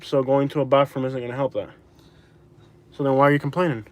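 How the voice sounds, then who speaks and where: A man's voice: medium pitch, flat delivery, fast talker. A man from Florida rambling in casual chat while driving, talking to viewers and his passenger. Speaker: vlogger. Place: car.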